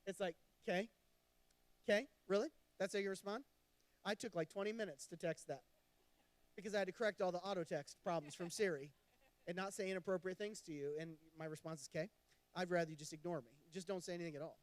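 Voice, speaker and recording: A man with a fairly high, smooth, resonant voice, recorded close and dry. He counsels couples and tells animated stories with mock exasperation. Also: quick pace, dry recording. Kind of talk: teaching a church marriage class.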